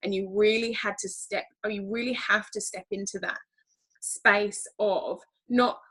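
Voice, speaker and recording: A woman's voice: mid-range voice, fairly even intonation, a little slow, sharp tone, breathy edge, low-quality recording. A woman from Britain talking candidly as an interview guest about leading her team, chatty and full of fillers. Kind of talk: casual interview talk.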